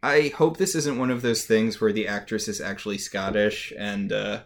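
Dry-humored podcast co-host, mid pitch. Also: fairly even intonation, normal speed. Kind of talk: casual recap chat.

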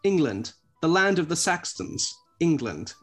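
An excitable storybook boy with a much higher voice, given to exclamations and gloomy warnings, as a man reading aloud puts him on. He speaks like a worried kid who takes curses seriously. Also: a little slow, faint music behind, exaggerated voice. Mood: ominous. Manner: exclaims, then warns softly.

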